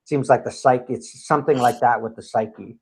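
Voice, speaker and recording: A man speaking in a measured, conversational way, thinking aloud as he talks. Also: mid-range voice, fairly even intonation, creaky, slightly rough. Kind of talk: reflective conversational talk.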